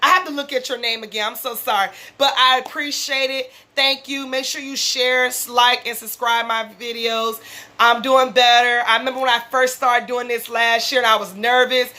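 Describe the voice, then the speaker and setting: A high-voiced woman. She recaps a reality show in a fired-up, profane, casual rant. Her tone is bright and sharp. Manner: fired-up, blunt, heavy profanity. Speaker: reality show reaction vlogger.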